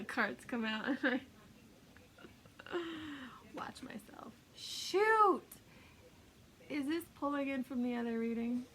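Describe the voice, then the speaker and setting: A woman giving a casual intuitive tarot reading, chatty and self-mocking, laughing often and sometimes dropping into soft whispers. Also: on the high side, a little hiss or hum, rough recording. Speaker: tarot reader.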